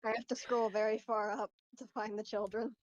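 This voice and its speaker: A woman's voice: a little high, flat delivery, a little fast, no echo, highs cut off. A woman player in a tabletop game chatting casually and describing characters in detail.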